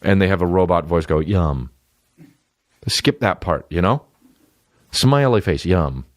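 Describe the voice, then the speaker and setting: A man in his forties, a comedian hosting his podcast, riffing crude jokes in an animated way and jumping into high silly voices. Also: normal speed, dry recording, studio quality. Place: podcast studio. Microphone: studio microphone.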